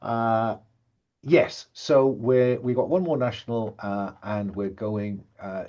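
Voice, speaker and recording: A man's voice: lowish voice, fairly even intonation, slow pace, a little mellow. A man running a tabletop session zero over a video call, chatty and full of fillers and restarts. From Wales. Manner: chatty, self-interrupting, lots of fillers. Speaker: game master. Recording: slightly lo-fi online call audio.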